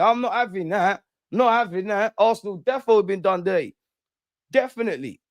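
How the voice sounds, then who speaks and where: A man's voice: sits high, fast talker, dry recording, clean studio sound. A young man hosting a live fan stream, ranting heatedly and repeating lines for emphasis. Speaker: fan channel host.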